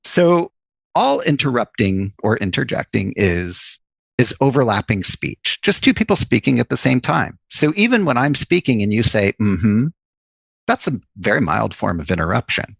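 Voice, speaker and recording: A man's voice: mid-range voice, very animated, moderate pace, gravelly, breathy edge, no echo. A man, a psychologist and author, guest on a podcast interview, explaining his ideas at length with examples. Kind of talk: interview conversation.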